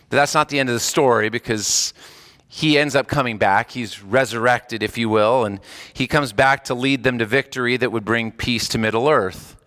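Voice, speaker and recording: A man preaching a sermon, telling a story in an animated, earnest way and repeating phrases for emphasis. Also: mid-range voice.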